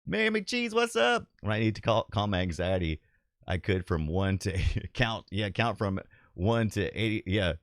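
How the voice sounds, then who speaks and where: Animated man hosting a casual livestream. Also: on the low side, moderate pace, dry recording, clean studio sound. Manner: animated, chatty, laughs often, reads viewer comments aloud. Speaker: livestream host. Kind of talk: casual livestream chat with viewers.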